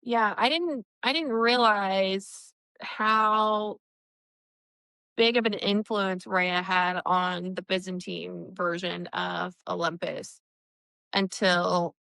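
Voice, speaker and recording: A woman on a book podcast reacts to the story in slow, drawn-out remarks. Her low voice has a gravelly fry and a bright, forward edge. She is recorded close in a dry room. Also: fairly even intonation, dry recording. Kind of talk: casual chat about a book.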